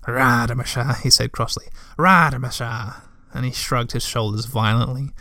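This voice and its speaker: A man reading a storybook aloud with gentle, measured narration. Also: medium pitch, flat delivery, gravelly, dry recording, studio quality.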